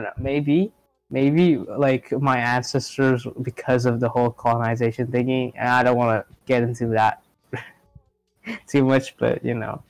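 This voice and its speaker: Gravelly-voiced man rambling casually. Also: mid-range voice, no room sound, rough recording. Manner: rambling, filler-heavy, trails off quietly. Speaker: podcast co-host. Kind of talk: casual chat.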